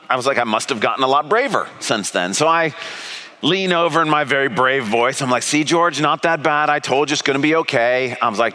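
A middle-aged man preaching, telling a personal story with animated, self-mocking delivery as he acts out his own panic. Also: on the high side. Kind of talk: sermon storytelling.

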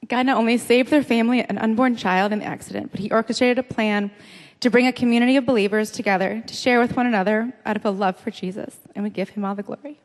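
Woman reading a testimony in a church hall. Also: on the high side.

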